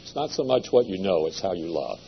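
A man giving a seminary lecture in a measured, deliberate way, with occasional hesitations. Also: sits low, big pitch swings, husky. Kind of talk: classroom lecture. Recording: dull lo-fi lecture recording with faint hum.

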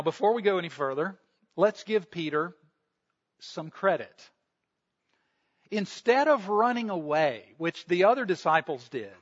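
A man preaches in a high, expressive voice, slipping into the voices of the people in the story he retells. The recording sounds somewhat dull and lo-fi. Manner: storytelling, acts out quoted voices. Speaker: pastor. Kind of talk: sermon.

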